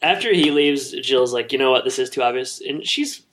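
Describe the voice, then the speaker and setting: A man co-hosting a podcast, casually recapping a sitcom episode with plenty of fillers and pauses. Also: mid-range voice. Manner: relaxed, hesitant with many fillers. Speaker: podcast co-host.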